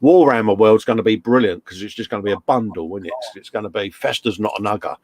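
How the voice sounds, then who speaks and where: A man's voice: on the low side, fast, a little mellow. A man co-hosting a casual live stream, chummy and joking as he reads out chat comments. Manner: chummy banter, reads chat messages aloud.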